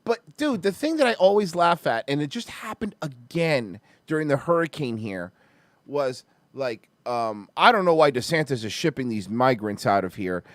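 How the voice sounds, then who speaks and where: A man hosting a podcast, telling stories in casual chat with animated, profane talk and lots of fillers. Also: medium pitch, moderate pace, dry recording. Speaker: podcast host.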